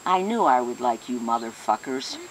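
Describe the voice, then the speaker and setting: A woman voicing a calm, sly male bishop who speaks slowly and deadpan, in a told joke. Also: extremely low pitch, distant mic, heavy background noise, pitched below the performer's own voice.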